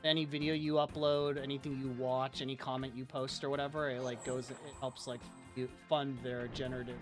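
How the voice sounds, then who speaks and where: Chatting casually on a livestream, a man speaks briskly in a medium pitch, rambling through animated anecdotes and using "like" over and over, with music in the background.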